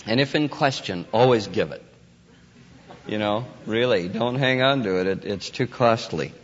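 Man preaching in a lo-fi hall. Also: moderate pace. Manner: folksy, rises to excited high voice in anecdotes. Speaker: conference speaker. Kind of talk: informal sermon. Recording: dull lo-fi audio in a hall.

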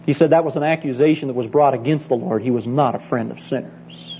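Earnest mellow-voiced man preaching. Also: mid-range voice, quick pace. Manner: earnest, emphatic, addresses listeners as "friend". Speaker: Bible college teacher speaking to church leaders. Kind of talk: conference sermon with personal stories. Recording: dull lo-fi tape with faint hum.

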